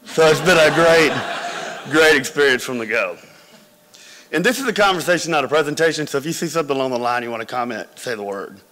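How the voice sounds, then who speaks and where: A man's voice: on the high side, animated, quick pace, fairly bright tone. A man, a company founder, giving a conversational business talk full of anecdotes to MBA students, with hall reverb around him.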